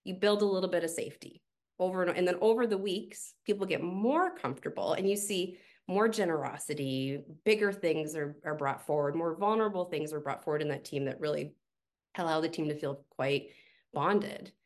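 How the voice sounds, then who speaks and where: A middle-aged woman who works as a team coach appears as a guest in a podcast interview. Her voice is fairly low and fairly quick, and she tells stories animatedly, dropping in casual fillers.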